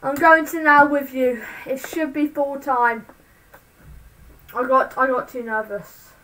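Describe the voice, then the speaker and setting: A woman streaming live fan commentary on a football match, excitable, swinging between shouting and muttering. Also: high-pitched, slow pace, far from the mic, poor audio.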